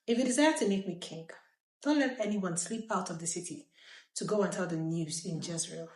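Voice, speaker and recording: A woman's voice: on the low side, moderate pace, lightly acted. Woman reading as blunt warrior king, commanding, ruthless, scripture reading, echoey room. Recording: roomy echo.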